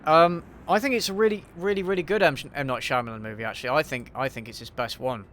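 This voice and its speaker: A man's voice: on the high side, steady tone, fast talker, fairly bright tone, a little hiss or hum. Offhand, sweary man on a stream. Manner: offhand, sweary, mutters to himself while playing. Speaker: YouTube host. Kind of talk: casual livestream Q&A while gaming.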